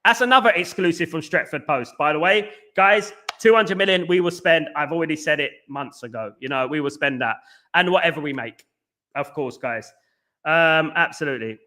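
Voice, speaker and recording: A man hosting a casual football fan livestream, reading viewer comments and giving repeated shout-outs, with a Northern English accent. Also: fairly high pitch, moderate pace.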